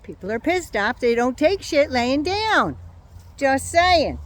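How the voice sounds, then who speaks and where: A woman's voice: sits high, very animated, slow pace. An older woman vlogging outdoors in her yard, talking to a phone or camera held at arm's length in a sarcastic, mocking casual rant.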